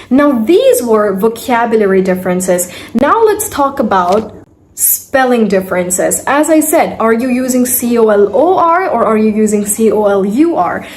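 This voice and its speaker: A young woman, her voice sitting a little high, runs a relaxed online lesson. She talks casually and circles back through examples to make her points. A faint hiss sits under her voice. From India. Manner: chatty, explains with repeated examples. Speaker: English accent coach.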